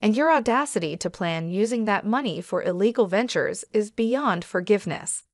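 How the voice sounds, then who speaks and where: A woman's voice: medium pitch, lively intonation, moderate pace, no room sound, studio quality, lightly acted. A woman voicing a fierce mother confronting her husband in a read-aloud story, firm and indignant.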